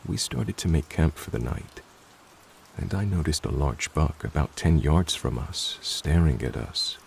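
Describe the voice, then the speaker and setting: A man with a gravelly voice reading a first-person story in an even, low-key manner. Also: measured pace, a little hiss or hum, poor audio. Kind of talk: scripted narration. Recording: rain sounds behind the voice.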